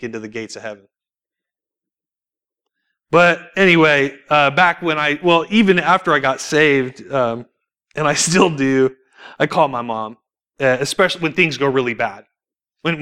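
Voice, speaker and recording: Preaching in a church, a man tells personal stories in an animated way, posing rhetorical questions and laughing between points. His voice is mid-range, with a clear, resonant tone.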